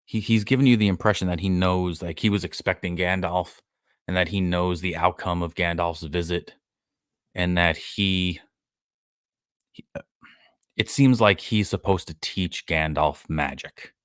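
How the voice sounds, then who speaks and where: Male podcast host, very low voice, dry close recording, sarcastic live-stream recapper. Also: steady tone, unhurried, a bit bright, no room sound. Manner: sarcastic, acts out characters' lines in a raised voice. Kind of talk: casual live-stream episode breakdown.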